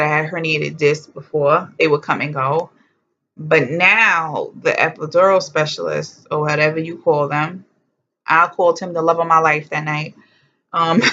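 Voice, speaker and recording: A young woman telling a personal story to camera in a casual, animated way, blunt and swearing freely, acting out what people said. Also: deep voice. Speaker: vlogger. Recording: dull lo-fi sound.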